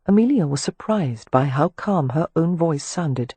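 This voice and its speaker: Husky woman reading a novel. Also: sits low, no room sound. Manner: measured, even storytelling. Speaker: audiobook narrator. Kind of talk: scripted narration of a historical romance.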